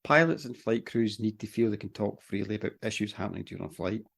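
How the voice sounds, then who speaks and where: A man co-hosting a podcast in a relaxed, wry, casual way. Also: fairly low pitch, fast talker, gravelly, breathy edge. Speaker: podcast co-host. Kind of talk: casual chat.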